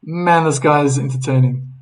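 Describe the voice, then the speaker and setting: A man calling a tennis match live on a stream, chatty and relaxed, reading out viewer comments and laughing now and then. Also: fairly high pitch, normal speed, low-quality recording. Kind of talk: casual live play-by-play commentary.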